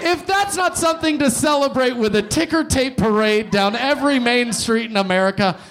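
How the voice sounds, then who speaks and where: A man's voice: very high voice, normal speed, a crowd in the background. A young man hosting and doing stand-up on a comedy club stage, sardonic and riffing, with casual swearing.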